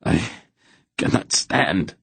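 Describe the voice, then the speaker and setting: A man's voice: takes it slowly, dry recording, natural voice. Man reading a wounded, defeated baron. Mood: pained. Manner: strained, through clenched teeth. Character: injured, defeated male baron.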